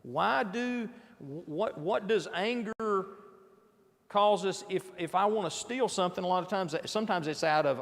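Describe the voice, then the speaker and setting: A man gives a casual sermon in a church, his voice sitting a little high for a man and carrying a gravelly edge. He keeps turning to his listeners with rhetorical questions and restarts his sentences as he goes. The sound rings with the long echo of a large church hall. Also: a little slow, fairly bright tone. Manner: conversational, asks the audience rhetorical questions, frequent restarts. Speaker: preacher leading a midweek Bible class. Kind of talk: informal sermon. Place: church auditorium.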